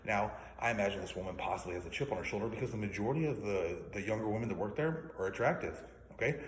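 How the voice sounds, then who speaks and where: A man's voice: fairly low pitch, fast. Indignant man ranting, echoey room. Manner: profane, indignant, clears throat often. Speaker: vlogger. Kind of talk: angry ranting monologue. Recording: echoey room with faint noise.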